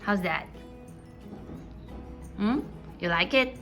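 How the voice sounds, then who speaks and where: A woman at home filming her dog, coaxing it in a high sing-song voice with lots of repeated words. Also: lively intonation, drawn-out words, bright, forceful tone, soft background music. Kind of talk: casual talk to a dog.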